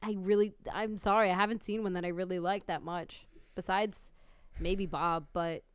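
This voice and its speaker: A woman's voice: mid-range voice, steady tone, normal speed, clear, resonant tone, no echo. A woman in casual chat, enthusiastic and swearing freely. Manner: profane, enthusiastic.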